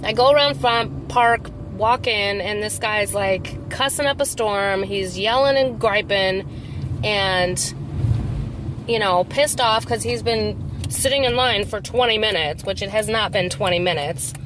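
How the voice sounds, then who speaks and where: A young woman talks from the driver's seat, rambling through a story in a chatty, animated way. A faint hum of the car sits behind her voice. Her pitch stays middling and natural. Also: a little slow. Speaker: vlogger. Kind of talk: casual storytelling while driving. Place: inside a car. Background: faint car noise.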